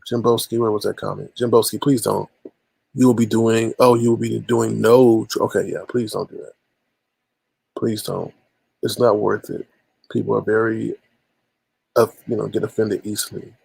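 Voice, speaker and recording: A man's voice: lowish voice, gravelly, darkish tone, breathy edge, no room sound. A man hosting a casual livestream, talking with callers and addressing his chat by name, often repeating himself. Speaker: livestream host.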